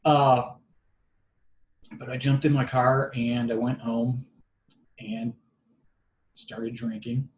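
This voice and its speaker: A man tells a personal story in a relaxed, casual way. His humor is dry and deadpan, and his voice sits at an ordinary middle pitch. The room adds a noticeable echo. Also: slow pace, pauses often, slight background noise. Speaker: podcast storyteller. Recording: roomy echo.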